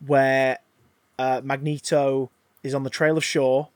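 A man co-hosting a podcast, chatting casually about a film, animated and swearing freely as he acts out scenes. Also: medium pitch, slow, dry recording. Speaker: podcast co-host. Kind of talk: casual film review chat.

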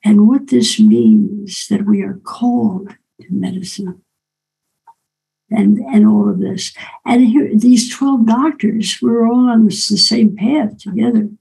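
Older woman, storyteller, dark mellow tone, gravelly, pauses with "right?" asides. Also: medium pitch, rough recording. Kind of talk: personal storytelling.

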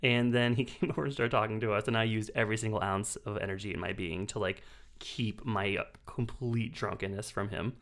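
A man's voice: fairly low pitch, fairly quick. A man co-hosting a podcast, telling a rambling funny story in casual chat, swearing freely and laughing as he talks. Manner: animated storyteller, acts out his own shouts. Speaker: podcast co-host.

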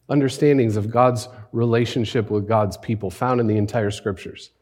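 A man's voice: mid-range voice, fairly even intonation, normal speed, a little mellow. Conversational man preaching a sermon. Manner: conversational, rhetorical questions, frequent tag "right?". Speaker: pastor.

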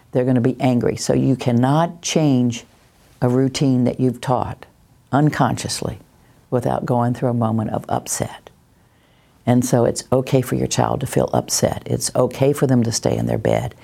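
A woman, a parenting educator giving a calm, reassuring talk that answers questions and acts out little scenes. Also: a bass voice, moderate pace, vocal fry. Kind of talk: teaching talk, Q&A.

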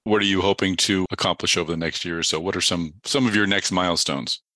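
A man's voice: low voice, steady tone, fast, sharp tone, no room sound. A man hosting a podcast, loose and jokey as he moves between guests and segments. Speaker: podcast host.

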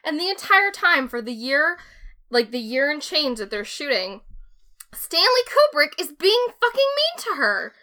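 A tipsy young woman tells a story on her podcast in loose, casual chat. Her voice is high, bright and lively, swooping all over the place. She swears freely and keeps breaking into giggles. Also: normal speed. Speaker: podcast host.

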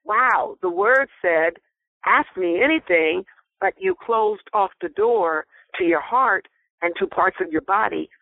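A woman guest explaining body language in an interview, speaking in an animated, emphatic, teacherly way. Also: medium pitch, unhurried. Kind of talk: interview on a phone call. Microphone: phone. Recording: tinny phone line, dry.

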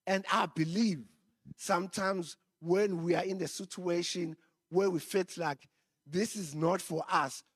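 Guy preaching, telling a story with little laughs, bit high voice, dry close sound. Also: fairly even intonation, measured pace, fairly bright tone, slightly rough, no room sound. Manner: storytelling, chuckles often. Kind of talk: sermon.

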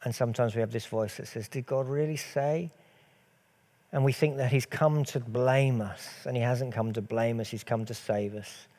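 A man's voice: medium pitch, fairly even intonation, moderate pace, hardly any pauses, a little mellow. A man preaching a sermon earnestly, asking rhetorical questions and letting his voice swell and drop.

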